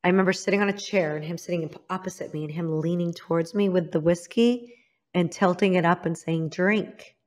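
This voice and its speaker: Woman, slightly low-pitched, interview guest, candid personal storytelling, frank and self-critical. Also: a little fast, a little mellow. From Illinois, United States. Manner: frank, self-critical, acts out others' lines.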